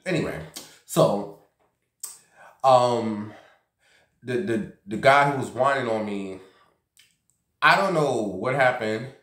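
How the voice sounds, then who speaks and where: A man's voice: medium pitch, slow, pauses often, a bit bright. Chatty man telling gossip in an echoey room. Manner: chatty and gossipy, acting out quoted voices. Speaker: vlogger. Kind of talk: casual storytelling vlog. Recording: roomy echo.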